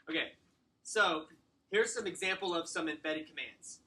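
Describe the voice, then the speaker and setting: Man, sales trainer, fairly high voice, bright tone, firm, role-plays scripts, small meeting room. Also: expressive, a little hiss or hum, low-quality recording. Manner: firm, role-plays client scripts and slowly stresses commands. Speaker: real estate sales trainer.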